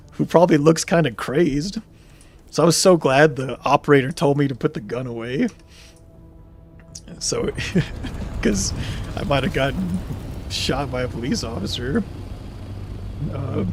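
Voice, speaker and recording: A man's voice: fairly high pitch, slight background noise. A young man streaming, telling a story casually and reading chat comments aloud, laughing now and then.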